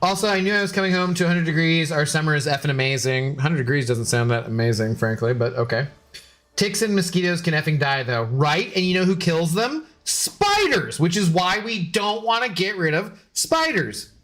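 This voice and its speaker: A man whose voice sits on the high side, fairly quick and a bit bright, is live-streaming a game. He reads chat and talks casually with viewers in a joking, sarcastic, foul-mouthed way.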